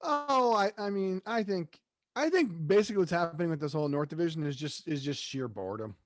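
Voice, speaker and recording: Joking co-host man, slightly higher voice. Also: expressive, fairly quick, no room sound. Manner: joking, rambling, repeats words. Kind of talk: casual chat.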